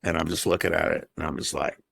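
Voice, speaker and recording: A man's voice: rumbling low, little pitch movement, fast talker, vocal fry, a bit bright, no room sound. Man, podcast guest, raw candid storytelling, heavy cursing, dry close sound. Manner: heavy swearing, raw and emotional.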